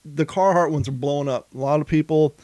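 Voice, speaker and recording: Man in his forties hosting a podcast, somewhat high, rambling and salty, very dry close sound. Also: steady tone, brisk, mellow, no room sound. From Ohio, US. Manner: rambling storyteller, profane. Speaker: podcast host. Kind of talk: casual podcast chat.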